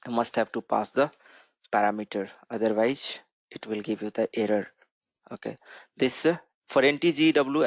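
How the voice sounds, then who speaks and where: A man's voice: medium pitch, gravelly, no room sound. A man teaching a programming class, walking through code on screen and often checking in with "right?". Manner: explanatory, asks "right?" often. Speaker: programming instructor. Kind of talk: screen-share coding tutorial. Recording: dull lo-fi mic.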